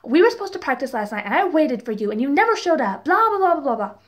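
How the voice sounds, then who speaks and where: A woman's voice: high-pitched, sing-song, fast. A young woman quoting an annoyed teenage girl who complains to a friend in a whiny, dismissive way. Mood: complaining.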